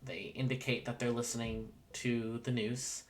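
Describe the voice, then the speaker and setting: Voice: mid-range voice, steady tone, moderate pace. A game master narrating a tabletop role-playing scene, hesitant and full of filler sounds.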